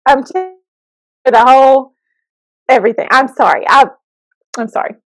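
A woman's voice: high-pitched, a little fast, low-quality recording. A woman co-hosting a podcast as a school counselor, giggly and playful in casual chat.

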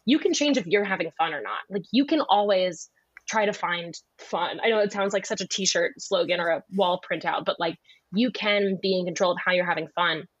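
A young woman comedian chatting on a podcast, rambling and animated, often slipping into voices. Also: lowish voice, a little fast, husky, no echo, lo-fi sound. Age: young adult. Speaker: comedian guest. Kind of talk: casual podcast chat.

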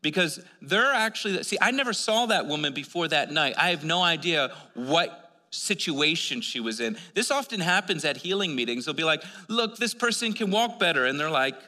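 Bright-voiced man preaching in a reverberant hall. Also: on the high side, normal speed. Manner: conversational, animated storytelling with many restarts. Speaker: pastor. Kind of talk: sermon with storytelling.

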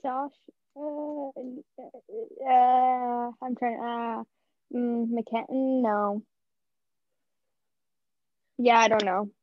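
A woman's voice: fairly high pitch, steady tone, extremely slow, pauses often, no room sound. A young woman co-hosting a podcast, chatting casually and rambling with lots of fillers and self-mocking asides. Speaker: podcast co-host. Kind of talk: casual chat. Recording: muffled lo-fi podcast audio.

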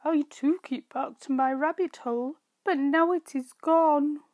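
A woman voicing a small, gentle male rabbit who is easily upset in a storybook, in a soft, plaintive voice. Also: high voice, steady tone, measured pace, dry recording.

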